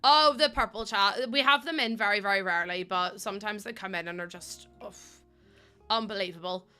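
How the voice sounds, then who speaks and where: A young woman streaming a game, chatting quickly with her viewers while feeling a bit run down. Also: medium pitch, pushed and bright, clear, resonant tone, soft background music. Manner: fast-talking, chatty. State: under the weather, a bit run down. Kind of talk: casual live-stream chat while playing a game.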